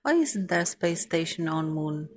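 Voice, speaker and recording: A man's voice: fairly high pitch, big pitch swings, normal speed. A man in a casual chat, mostly adding brief agreeing remarks.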